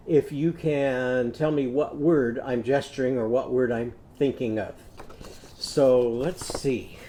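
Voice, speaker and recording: A man teaching a children's phonics lesson, patiently sounding out words slowly for young learners. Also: medium pitch, warm tone, slight background noise. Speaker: literacy teacher.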